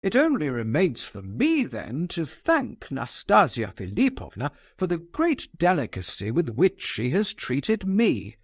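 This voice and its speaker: A man's voice: on the high side, wildly swooping pitch, a little slow, few pauses, breathy edge, no echo, clean studio sound, pitched above the performer's own voice, exaggerated voice. A man narrating a novel, voicing a pale, shaken young man who speaks stiffly and formally.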